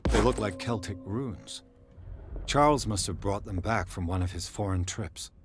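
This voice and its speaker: An actor playing a calm male investigator in a game, muttering his thoughts in a measured way. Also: on the low side, music in the background, close to an everyday voice. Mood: musing. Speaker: game character. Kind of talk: game voice acting.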